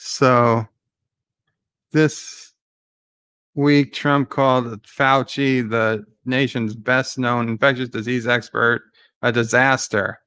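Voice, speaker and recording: A man giving live commentary on a debate. He paraphrases the speakers, reads out viewer chat and gets excitable at times. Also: mid-range voice, takes it slowly, smooth.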